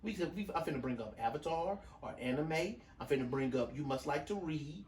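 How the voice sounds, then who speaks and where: A man co-hosting a casual podcast, his talk rambling and full of restarts and slang. His voice sits a little high, and he is heard from some distance in a roomy, echoing space with faint background noise. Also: expressive, brisk, darkish tone. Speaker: podcast co-host. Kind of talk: casual chat. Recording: echoey room, mic at a distance, faint room noise.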